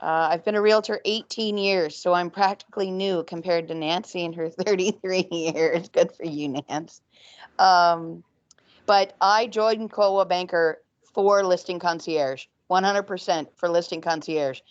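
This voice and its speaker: A woman's voice: on the low side, steady tone, no echo. Froggy-voiced woman agent, emphatic and repetitive, dull dry call line. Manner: emphatic, repetitive, talks in rushes. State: slightly froggy voice. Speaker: real estate agent. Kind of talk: video call panel interview. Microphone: video call.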